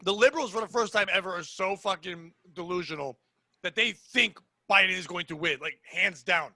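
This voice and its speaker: A man co-hosting a comedy podcast, ranting loudly and crudely, swearing often. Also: high voice, brisk, no echo. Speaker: podcast co-host. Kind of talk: casual comedic podcast banter.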